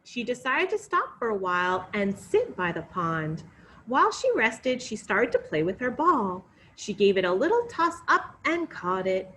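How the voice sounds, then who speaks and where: A woman telling a fairy tale to children, expressive and coaxing, inviting them to join in. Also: medium pitch, measured pace. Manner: expressive, coaxing, sing-song. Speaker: children's storyteller. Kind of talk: interactive read-aloud for children.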